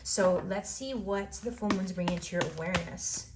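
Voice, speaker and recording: A woman's voice: mid-range voice, fairly quick, very noisy. A woman giving a tarot reading to the viewer, encouraging and rambling, often repeating phrases. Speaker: tarot reader.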